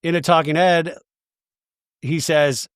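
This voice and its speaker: A man's voice: on the high side, steady tone, takes it slowly, clean tone, no echo, clean studio sound. A man hosting a podcast, casually recapping a reality show episode in a chatty, self-deprecating way. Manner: chatty and self-deprecating, quotes cast members in their own voice.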